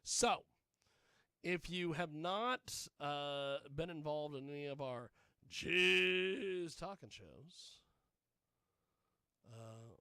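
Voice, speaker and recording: A man's voice: fairly high pitch, takes it slowly, a bit bright, smooth, no echo, studio quality. A man hosting a live radio-style show, rambling casually and tossing jokey asides to himself.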